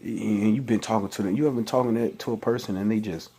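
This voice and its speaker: A religious vlogger, male, with a voice on the low side that is mellow and slightly rough, keeps a steady tone and a quick pace. He reads scripture aloud and preaches about it casually, often restarting and asking exasperated questions.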